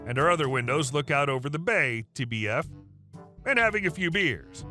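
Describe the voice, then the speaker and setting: A man's voice: high voice, pushed and bright. A man narrating online stories in a wry, dry scripted manner.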